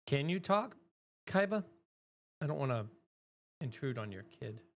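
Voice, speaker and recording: Chatty, excitable woman streamer. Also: extremely low pitch, a little slow. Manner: chatty and excitable, loud exclamations. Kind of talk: casual live-stream chat.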